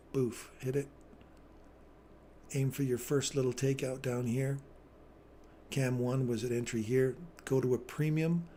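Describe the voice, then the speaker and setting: A man's voice: mid-range voice, dark tone, reverberant, a little hiss or hum. A man in his fifties hosting a live trading stream, chatting in an upbeat way and reading viewer comments aloud. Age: 50s. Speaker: trading livestream host.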